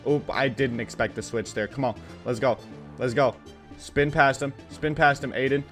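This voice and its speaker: A man giving casual play-by-play commentary on a basketball video game he is playing. He is excitable, gets frustrated quickly, talks straight to the players on screen, and uses slang and swearing. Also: medium pitch, faint music behind. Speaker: gaming channel host.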